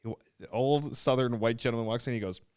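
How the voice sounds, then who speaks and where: A man's voice: mid-range voice, fast talker, a little mellow, smooth. A young man co-hosting a podcast, chatting casually in a laid-back way with short interjections and dry quips. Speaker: podcast co-host. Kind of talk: casual chat.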